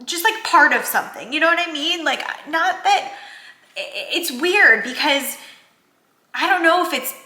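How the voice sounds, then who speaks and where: A woman's voice: high-pitched, animated, normal speed, bright, forceful tone. A woman in her thirties from New Jersey, vlogging to camera, tearful and rambling with restarts and fillers. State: tearful, crying. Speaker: vlogger, working mom. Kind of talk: casual vlog talk to camera. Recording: roomy echoey room sound.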